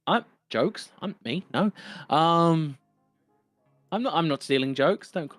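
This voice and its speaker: A man's voice: on the high side, animated, takes it slowly, a bit bright, no echo, faint music behind. A young man from London with an East End accent, chatting casually on a podcast in a rambling, profane way with lots of ums and restarts. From England. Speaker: podcast co-host. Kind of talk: casual chat.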